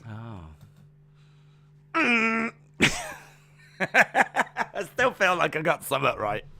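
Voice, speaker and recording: A man's voice: high-pitched, sing-song, extremely slow, gravelly, sharp tone. A man co-hosting a podcast, chatting casually in a playful, teasing way. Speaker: podcast co-host. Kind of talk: casual chat.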